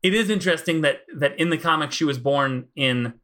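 A man co-hosting a casual podcast chat, relaxed, reeling off comic issue details. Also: fairly high pitch, fairly quick. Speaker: podcast co-host.

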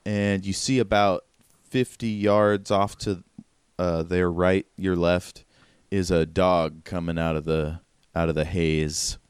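A man narrating as game master of a tabletop role-playing game, relaxed and descriptive. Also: low-pitched, takes it slowly, clean tone, no echo, clean studio sound.

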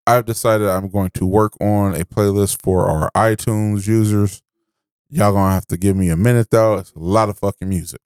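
A man's voice: on the low side, fairly even intonation, normal speed, darkish tone, smooth, dry recording, clean studio sound. A man co-hosting a podcast, chatting casually with profane jokes and stammered restarts. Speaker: podcast co-host. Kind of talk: casual chat.

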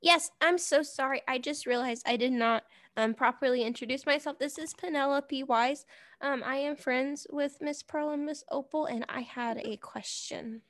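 A woman's voice: high voice, normal speed, fairly bright tone. A woman voicing a polite, slightly hesitant young girl in a tabletop game.

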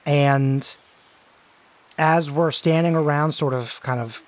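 A man narrating as game master of a tabletop game, casual and halting with many fillers. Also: a little high, steady tone.

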